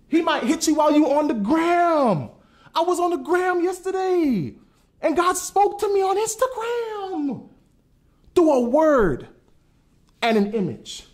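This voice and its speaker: Animated guy preaching, high voice, swoops up and down, chatty, asks the crowd stuff. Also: a little slow. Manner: animated, conversational, asks the audience questions. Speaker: pastor. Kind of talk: sermon.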